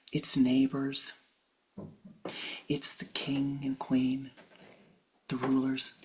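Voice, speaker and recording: A woman spiritual teacher telling a parable in an expressive storytelling manner. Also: a bass voice, a little hiss or hum. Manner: expressive, slow storytelling with acted voices. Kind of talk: storytelling sermon.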